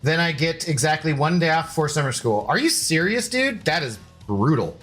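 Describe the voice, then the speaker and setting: A man's voice: fairly high pitch, animated, normal speed, a bit bright, faint music behind. A man streaming video games, chatting playfully with his dog and his viewers. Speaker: game streamer. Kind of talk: casual live-stream chat.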